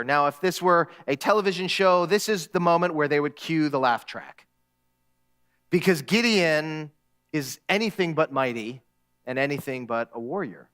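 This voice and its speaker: A man preaches a sermon in a high, light voice. He speaks in a conversational way and acts out the people he quotes with a touch of humor. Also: animated, normal speed, fairly bright tone. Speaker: guest preacher.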